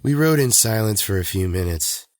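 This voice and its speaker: A man calmly narrating a first-person horror story in a steady voice. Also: on the low side, normal speed, no echo, clean studio sound.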